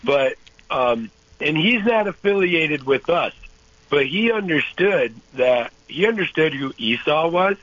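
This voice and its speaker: A man's voice: a little high, expressive, fairly bright tone, no echo. Rambling male caller, dull lo-fi line. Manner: rambling, halting with frequent restarts. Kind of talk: casual storytelling. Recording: dull lo-fi phone-in audio.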